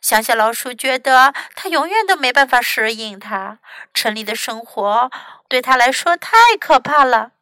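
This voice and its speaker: A woman English teacher narrating a children's story bilingually, clear and teacherly. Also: a little high, moderate pace, pushed and bright, no echo, rough recording.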